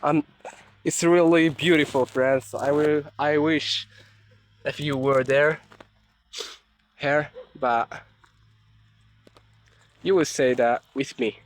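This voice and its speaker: A young man from Morocco chatting casually while walking through a forest on a rainy day, halting and searching for words in English. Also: mid-range voice. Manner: soft, unhurried talk while walking. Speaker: nature vlogger. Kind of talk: casual walking vlog chat.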